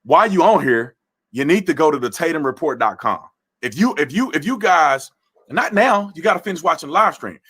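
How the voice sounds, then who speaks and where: A man's voice: on the high side, expressive, fairly quick, a bit bright, breathy edge. A man hosting a political commentary livestream who talks animatedly and often restarts his phrases. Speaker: livestream host.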